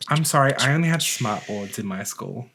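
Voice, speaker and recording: Lively young man joking around. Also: mid-range voice, normal speed, vocal fry, slight background noise. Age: young adult. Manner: joking, rambling, heavy with "um"s. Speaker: podcast co-host. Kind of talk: casual chat.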